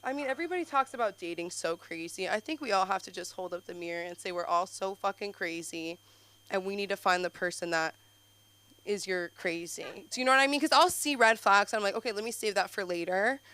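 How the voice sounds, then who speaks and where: A young woman at an open-mic comedy night, rambling in scattered bursts full of "like", swinging from mutters to loud shrieks. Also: medium pitch, brisk. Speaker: stand-up comedian. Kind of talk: open-mic stand-up set. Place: comedy club stage.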